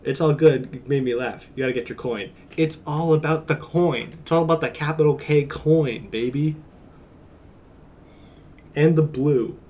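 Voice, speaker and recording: A man's voice: fairly high pitch, moderate pace, warm tone. A man streaming from home, chatting casually in a rambling, jokey way and chuckling often. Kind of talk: casual live-stream chat.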